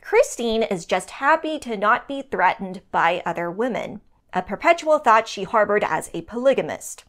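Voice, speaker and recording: A woman's voice: mid-range voice, very animated, normal speed, a bit bright. Wry woman reading a show recap. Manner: wry, laughs between lines. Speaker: recap podcast co-host.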